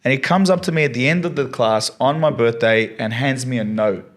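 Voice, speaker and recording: A man's voice: mid-range voice, fairly quick. A man, a science teacher and podcast guest, earnestly telling a long story in a rambling casual way, with many fillers.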